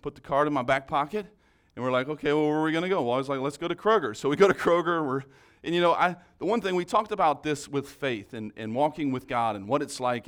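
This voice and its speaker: A man preaching a sermon, telling a story in a casual, conversational way with many restarts. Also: mid-range voice. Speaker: pastor.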